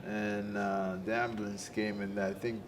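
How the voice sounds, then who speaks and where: A middle-aged former boxer tells his story in an interview, speaking softly and haltingly in a lowish, level tone. He often repeats words while recalling events, and the on-site recording is noisy.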